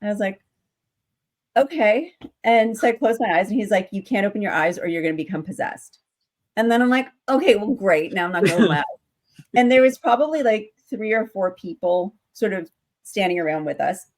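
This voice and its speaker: A woman chatting as an interview guest, telling a story animatedly with lots of fillers. Her voice is mid-pitched for a woman. She acts out each person's lines as she goes. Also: fairly quick.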